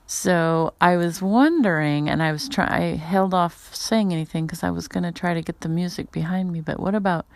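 A woman with a raspy morning voice, chatting casually in a voice message and laughing often. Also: fairly low pitch, normal speed, hardly any pauses, a little mellow, no echo. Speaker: podcast listener replying.

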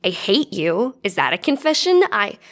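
A woman's voice: medium pitch, very animated, moderate pace, fairly bright tone. A woman voicing a feisty, flustered teenage schoolgirl who speaks in a snappy, indignant way. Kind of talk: reading fan fiction aloud.

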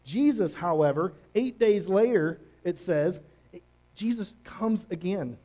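High-voiced pastor preaching. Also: male voice, slow. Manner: energetic, conversational, emphatic. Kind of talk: sermon.

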